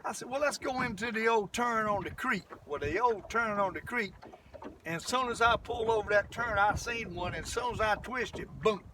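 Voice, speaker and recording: An older Southern US man with a high voice vlogs while fishing from a small boat on a windy lake, talking to the camera at a moderate pace in a folksy, excitable way and exclaiming often. The distant camera mic picks up wind along with boat noise.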